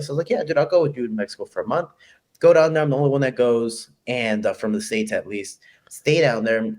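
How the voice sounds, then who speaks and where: A young man from Chicago talks casually as an interview guest. His voice sits at a middle pitch, and he tells stories quickly and with animation, slipping into the voices of the people he quotes. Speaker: guest fighter.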